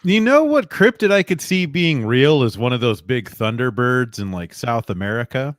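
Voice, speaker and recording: A man's voice: medium pitch, expressive, moderate pace, no room sound, studio quality. A man joining a casual podcast chat, teasing and joking with the hosts.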